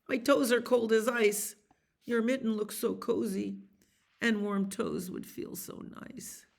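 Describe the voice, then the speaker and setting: A woman voicing a cold male bear who begs to be let into a warm mitten in a storybook. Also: a little high, steady tone, takes it slowly, creaky, pitched above the performer's own voice, exaggerated voice. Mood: begging.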